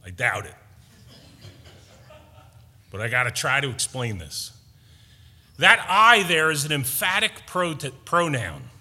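A man preaching a sermon as pastor, emphatic and animated, with playful asides to the congregation. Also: mid-range voice, takes it slowly, long pauses, slightly rough, big-room sound.

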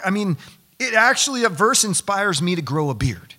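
Preacher in a sermon, lively storyteller, bright forceful tone, slightly high. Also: male voice, normal speed. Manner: storytelling, animated, acts out quoted people. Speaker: pastor.

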